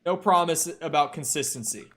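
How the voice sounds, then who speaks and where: A man's voice: a little high, fairly quick, fairly bright tone. A man from Minnesota with a light Minnesotan accent, chatting casually and swearing freely as he streams a game and answers chat. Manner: chatty, profane, reads chat aloud. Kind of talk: casual live-stream commentary.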